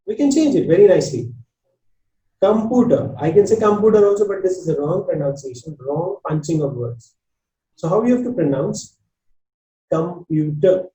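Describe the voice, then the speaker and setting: A man's voice: fairly high pitch, lively intonation, normal speed, dark tone, roomy sound, distant mic, low-quality recording. A man with an Indian English accent teaching a spoken English class, talking in an earnest, repetitive coaching way. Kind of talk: online class lecture.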